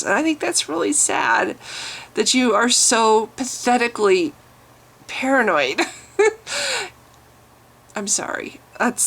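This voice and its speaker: A woman's voice: a little high, a bit bright. A woman vlogger talking straight to camera in a blunt, sarcastic rant, swearing freely. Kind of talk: response video rant.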